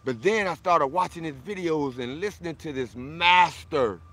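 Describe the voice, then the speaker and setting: A man's voice: on the high side, normal speed, a bit bright. Boisterous man from Florida. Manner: boisterous, friendly, greets viewers by name. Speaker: livestream host reading viewer comments. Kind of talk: casual livestream chat.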